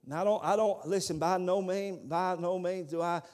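A man's voice: sits high, steady tone, normal speed, a little mellow. A man, preaching a sermon as a fervent storyteller. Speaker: pastor.

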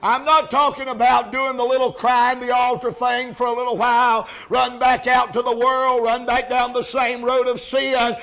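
High-voiced shouting preacher. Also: male voice, flat delivery, normal speed, creaky, few pauses. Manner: impassioned shouting preacher, rising to cries. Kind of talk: revival sermon.

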